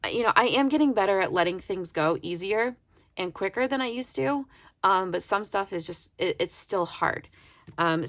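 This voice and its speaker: A woman who makes planner videos on YouTube talks chattily through a flip-through, rambling and correcting herself, briefly getting teary. Her fairly low voice is bright and forceful.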